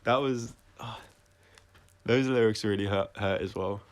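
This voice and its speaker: Soft-spoken man with a lowish voice. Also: soft background music. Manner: reflective, halting, with frequent restarts. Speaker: singer-songwriter explaining his songs. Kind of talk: casual livestream commentary.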